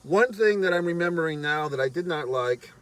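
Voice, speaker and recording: A man casually recapping a movie in a rambling, profane way, with lots of fillers and quick acted-out lines. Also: fairly high pitch, lively intonation, fairly bright tone. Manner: acts out characters' lines in quick voices. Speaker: film reviewer.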